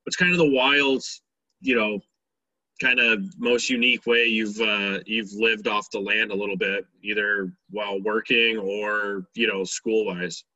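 A man's voice: on the low side, steady tone, a little slow, bright, forceful tone, no echo. A man hosting a casual interview, asking his guests questions in an easygoing, laid-back way. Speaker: podcast host. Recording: dull lo-fi dry recording.

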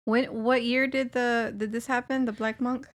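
A woman co-hosting a podcast in casual chat, reacting quickly and asking questions. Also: on the high side, level tone. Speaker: podcast co-host.

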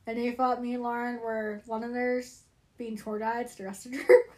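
Woman w a high voice, chatty storyteller, laughs a lot. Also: normal speed. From United States. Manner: animated storyteller, laughs often. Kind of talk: casual chat.

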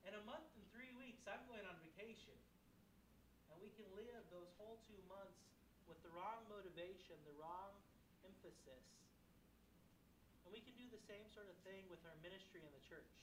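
A young man with a high-sitting voice preaches a conversational sermon at a moderate pace, in an echoey room with noisy surroundings. He is a church member, and he mixes self-deprecating asides with emphatic questions aimed at the congregation.

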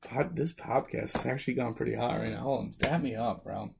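A man's voice: medium pitch, a little fast, vocal fry, noisy background. A young man co-hosting a podcast in casual chat, swearing a lot and laughing often. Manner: profane, rowdy, laughs often. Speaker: podcast co-host.

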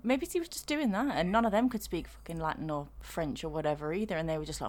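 A woman's voice: lowish voice, fast, a little mellow, a little hiss or hum. A woman co-hosting a casual podcast chat, skeptical and exasperated, swearing and laughing. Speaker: podcast co-host.

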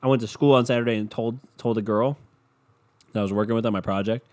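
A man's voice: fairly low pitch, fairly even intonation, fast, darkish tone. A young man hosting a podcast alone, sick and tired, ranting with sarcasm and a lot of swearing as he jumps between topics. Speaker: podcast host. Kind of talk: casual solo podcast rant.

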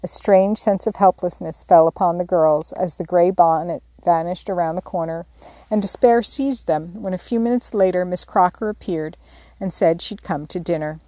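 A woman reading a classic novel aloud as an audiobook narrator, in a steady, measured storytelling voice. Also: fairly low pitch, no room sound. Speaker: audiobook reader. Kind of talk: scripted narration.

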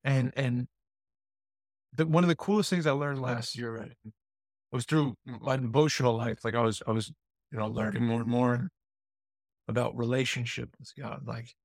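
A man in casual faith conversation, talking in a rambling, halting way, often repeating words. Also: medium pitch, steady tone, creaky, no room sound, studio quality.

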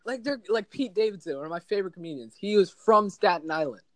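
A young man from New Jersey chatting casually as a podcast guest, telling animated stories full of acted-out quotes. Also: high-pitched, fast, dry recording. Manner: animated, exaggerated storytelling with mock quotes. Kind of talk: casual chat.

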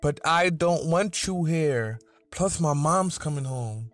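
A man voicing an annoyed, bossy teenage girl who yells a lot. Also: on the high side, expressive, slow pace, soft background music, pitched above the performer's own voice. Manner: yelling, exasperated.

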